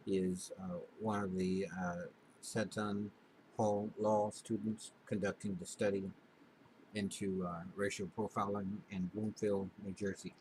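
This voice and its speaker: A man narrates a news report in a measured way. His voice is low and very flat in tone. Faint background noise sits behind him. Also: rough recording.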